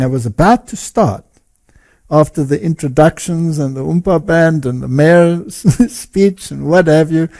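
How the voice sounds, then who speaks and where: A man telling a story in an interview as a lecturer, animated and often chuckling as he talks. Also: on the high side, vocal fry. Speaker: guest speaker and lecturer.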